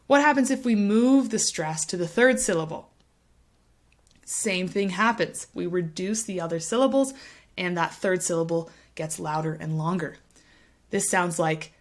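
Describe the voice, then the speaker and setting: Clear, patient woman teaching pronunciation. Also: lowish voice, animated, moderate pace. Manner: clear, patient, demonstrates rhythms with stressed syllables. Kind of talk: explaining a language lesson to camera.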